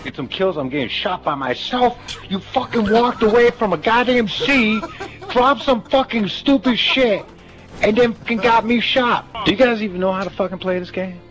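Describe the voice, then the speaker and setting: A man angrily yelling orders and curses at his teammates over game voice chat. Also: high voice, normal speed, faint music behind. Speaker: gamer on voice chat.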